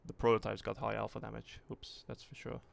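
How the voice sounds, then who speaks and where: A man streaming a tank game live, thinking aloud in a rambling, relaxed way and swearing casually as he sets up a test with viewers. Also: lowish voice, fairly quick, creaky. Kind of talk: casual livestream commentary.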